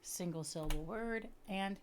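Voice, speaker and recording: A woman teaching a lesson for educators and parents, explaining patiently and sounding out words slowly. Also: mid-range voice, slight background noise. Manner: patient, explanatory, checks in with "okay?". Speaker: literacy teacher. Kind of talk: instructional video lesson.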